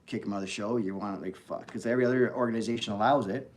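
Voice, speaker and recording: A middle-aged man hosting a casual livestream monologue, talking bluntly and animatedly, swearing and swinging between loud and low. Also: lively intonation, fast talker. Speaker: fitness show organizer and channel host.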